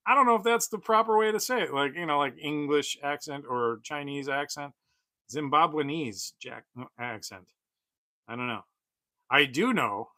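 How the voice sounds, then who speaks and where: A man's voice: mid-range voice, bright, forceful tone, dry recording. A man in his forties chatting casually on his own livestream, rambling with lots of fillers and frequent chuckles. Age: 40s. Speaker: toy collector streamer.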